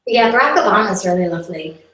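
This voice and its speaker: A woman's voice: mid-range voice, fast talker, a bit bright. A young woman hosting a comedic live stream as a self-important celebrity, boastful and chatty with lots of "like" and mock outrage. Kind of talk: improvised character comedy monologue. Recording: roomy sound from a distance.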